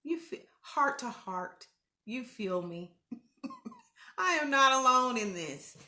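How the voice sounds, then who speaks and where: A woman's voice: fairly high pitch, sing-song, slow, sharp tone. Chatty woman host in an echoey room. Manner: candid, chatty, addresses viewers as y'all. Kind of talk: casual livestream talk.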